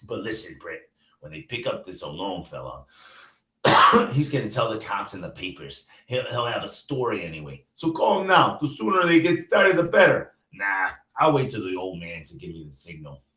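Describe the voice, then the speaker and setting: A man voicing rough, slangy male newspapermen bantering loudly, read aloud to a class. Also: lowish voice, sing-song, moderate pace, pitched above the performer's own voice. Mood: gruff. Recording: echoey room.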